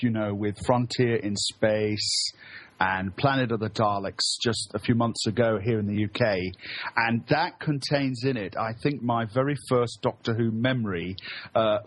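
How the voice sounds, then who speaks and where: A British man in his forties joins a podcast as a guest over a video call, speaking into his computer mic. He talks eagerly and thoughtfully, drifting and circling as he recalls things. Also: mid-range voice. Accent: British English. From England. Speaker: guest co-host. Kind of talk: casual podcast chat.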